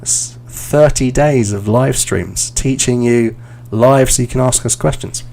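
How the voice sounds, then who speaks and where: A man's voice: mid-range voice, measured pace, vocal fry, mellow. A man in his thirties from London with a London accent, teaching English on a live stream in a casual, chatty way and answering viewer questions as he goes. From London, England.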